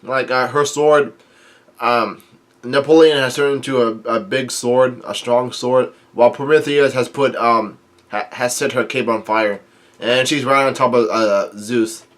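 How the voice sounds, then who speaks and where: Halting casual manga commentator, man. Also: medium pitch, steady tone. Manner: halting, many fillers and restarts. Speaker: manga reaction host. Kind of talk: casual read-through commentary.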